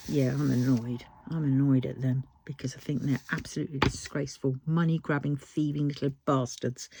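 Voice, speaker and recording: A vlogger with a British accent, talking casually while diamond painting and ranting heatedly with frequent swearing. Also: dry recording. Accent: British English. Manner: lively rising and falling pitch when worked up. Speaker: crafting vlogger.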